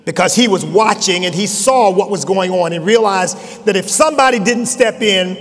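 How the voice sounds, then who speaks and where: A man's voice: sits high, normal speed, few pauses, a bit bright. Older man preaching in a big hall. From Chester, Pennsylvania. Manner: storytelling, rising to emphatic peaks. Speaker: bishop preaching. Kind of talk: sermon testimony. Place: large conference hall. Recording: long hall reverb.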